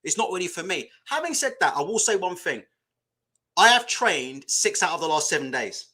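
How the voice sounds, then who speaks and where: Man, young adult, high voice, bright, live-stream host, blunt, swearing, laughing. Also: big pitch swings, normal speed, husky. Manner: blunt, swearing, laughs a lot while ranting. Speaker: boxing channel host. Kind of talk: casual live-stream chat.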